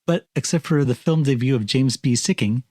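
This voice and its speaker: A man co-hosting a film podcast, talking in a measured, matter-of-fact way with dry humor. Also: mid-range voice, a little mellow, dry recording. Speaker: podcast co-host. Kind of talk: casual film review chat.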